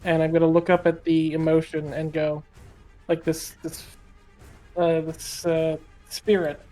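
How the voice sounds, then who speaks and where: A man's voice: on the high side, monotone, measured pace, warm tone, faint music behind. A man playing a tabletop game, describing his character's actions with some hesitation. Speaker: player.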